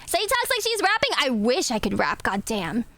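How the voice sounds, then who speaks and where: Lively high-voiced young woman streamer. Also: moderate pace, a little hiss or hum. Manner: chatty, laughs often, swears casually. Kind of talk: casual chat.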